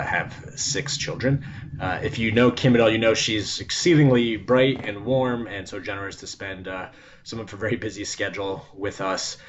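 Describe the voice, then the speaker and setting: A man moderating a webinar, introducing a guest in a halting way full of fillers. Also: low voice, a bit bright, slight background noise. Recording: dull lo-fi webinar audio.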